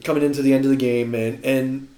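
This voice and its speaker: A man in a casual chat, telling animated, laughing anecdotes with lots of restarts. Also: mid-range voice, quick pace, reverberant.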